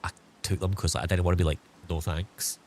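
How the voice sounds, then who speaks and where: A young man chats to his viewers as a streamer, recounting a story in a loose, meandering way. His voice sits a little low, and he leans on "like" and "um" as he goes. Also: steady tone, brisk, a little mellow. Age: young adult. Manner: rambling, full of fillers like "like" and "um". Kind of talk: casual storytelling.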